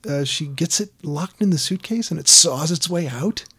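A man in casual podcast chat, retelling a film scene by scene in a rambling, animated way with lots of fillers. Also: a little high, moderate pace, slightly rough.

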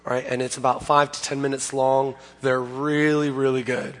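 A hoarse male pastor gives a casual, plain-spoken sermon at a middle pitch, often restarting and correcting himself mid-sentence. His voice rings with a long reverb that fills a church sanctuary. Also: level tone, moderate pace, a bit bright. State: hoarse, recovering from lost voice. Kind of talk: conversational sermon.

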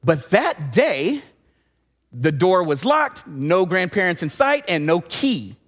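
A man, a pastor from Southwest Texas, preaching a sermon and telling a personal story with animated swings between loud and hushed delivery. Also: high-pitched, slow.

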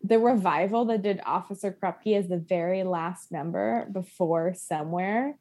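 A woman co-hosting a podcast, animated and swearing freely in casual chat, often talking over the others. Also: lowish voice, normal speed. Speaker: podcast co-host.

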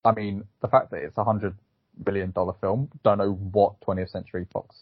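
A man's voice: lowish voice, level tone, brisk, breathy edge, dry recording. Man reviewing films over a tinny line. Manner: rambling, filler-heavy, hesitant. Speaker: film podcast co-host. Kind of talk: casual film review chat. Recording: phone-like thin sound, dry.

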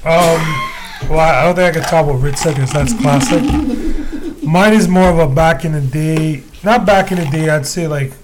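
A man's voice: on the high side, moderate pace, background noise. A man casually telling a long backstage story as a guest DJ, rambling with plenty of fillers. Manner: laid-back, rambling with fillers.

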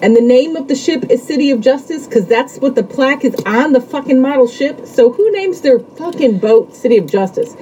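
A woman's voice: high voice, animated, a little fast, few pauses, warm tone, slight background noise, low-quality recording. A woman co-hosting a podcast, ranting in exasperation about a movie and swearing freely. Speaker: podcast co-host. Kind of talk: casual movie chat.

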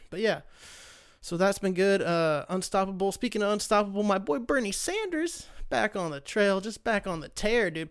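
A man's voice: sits high, clear, resonant tone. A young man hosting his own podcast, talking loosely and sarcastically, with plenty of swearing. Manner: loose, profane, sarcastic ranting. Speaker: podcast host. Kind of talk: casual solo podcast chat.

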